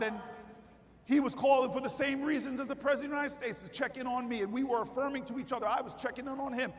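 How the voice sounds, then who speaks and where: A man giving a political convention speech, telling a story that builds to shouted rallying cries. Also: very high-pitched, a little hiss or hum. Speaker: keynote speaker. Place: large convention hall with crowd. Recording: hall reverb with crowd.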